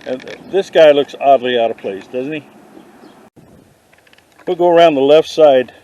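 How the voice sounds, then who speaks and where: A man vlogging a walk through an outdoor garden, dropping deadpan puns as he goes. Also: medium pitch, unhurried, highs cut off. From not from the South. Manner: deadpan punning asides. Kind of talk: joking walk-through commentary. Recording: faint outdoor noise.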